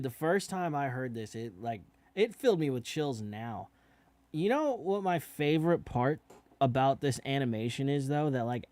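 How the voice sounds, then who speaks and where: A man's voice: mid-range voice, darkish tone, no room sound. A young man talking casually as he reacts to a musical, swearing now and then and often asking "you know what I mean?". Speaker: reaction video host.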